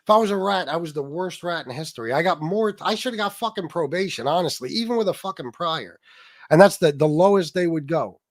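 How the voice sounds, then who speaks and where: A man's voice: fairly high pitch, expressive, fairly quick, no room sound, studio quality. Profane ranting man on a livestream. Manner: profane, aggressive, talks to chat. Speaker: livestream host. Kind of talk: heated livestream rant.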